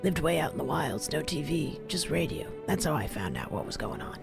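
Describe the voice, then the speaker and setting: A woman doing a gruff old backwoods ranger. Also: deep voice, very animated, a little fast, loud music behind the voice, pitched below the performer's own voice, heavily acted.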